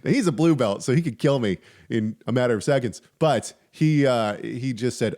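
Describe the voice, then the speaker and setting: A man's voice: medium pitch, normal speed, hardly any pauses, darkish tone. A man hosting a podcast, discussing theology casually with frequent restarts and wry humor. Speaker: podcast host.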